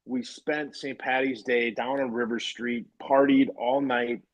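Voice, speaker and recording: A man telling lively anecdotes in casual chat, acting out the quoted lines of the people in them. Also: medium pitch, unhurried, low-quality recording. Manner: lively, acts out quoted dialogue.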